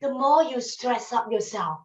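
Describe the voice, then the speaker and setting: A woman's voice: a little high, lively intonation, unhurried. A woman teaching flower arranging in a casual demonstration, talking emphatically and repeating her phrases in non-standard English. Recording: echoey room, distant mic, dull sound.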